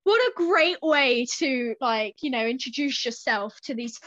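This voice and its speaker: A woman's voice: high-pitched, lively intonation, a little slow, a bit bright, dry recording, muffled recording. A young woman co-hosting a podcast, reading a story aloud casually and breaking off to giggle and joke.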